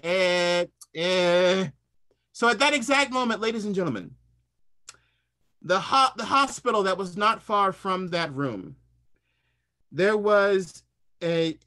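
A man speaking as a culinary historian, telling animated, humorous stories with playful repetition. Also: high voice. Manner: humorous, playful, repeats words. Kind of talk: animated anecdotal storytelling.

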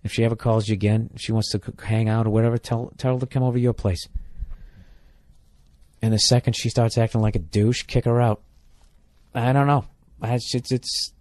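Deep-voiced blunt profane man. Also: darkish tone, dry recording. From United States. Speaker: podcast host giving advice. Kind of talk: comedic advice rant.

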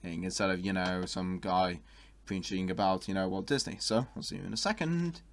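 A young man with a somewhat low speaking voice. He reacts to online art in a loose, chatty way. He often jumps into high, loud exclamations and laughs a lot. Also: a little fast. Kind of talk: casual reaction commentary.

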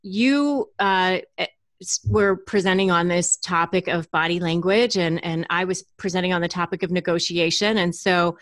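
A woman's voice: fairly low pitch, moderate pace, fairly bright tone, no room sound, clean studio sound. A middle-aged woman hosting a podcast interview, friendly and enthusiastic, with frequent ums and restarts. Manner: friendly, enthusiastic, hesitant with fillers. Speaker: podcast host.

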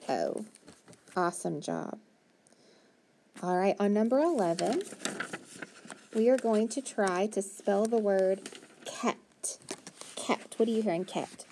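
A woman teacher running a phonics lesson for small children, sounding out each letter with care and praising every answer. She talks at an unhurried, deliberate pace. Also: medium pitch, gravelly, dark tone.

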